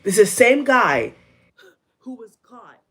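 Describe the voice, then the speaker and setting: A vlogger wearing headphones delivers a heated, profane reaction rant to her camera, repeating lines for emphasis. Her voice is on the high side, pushed, bright and slightly rough, with big pitch swings and a slow pace. The audio cuts in and out, and the level drops.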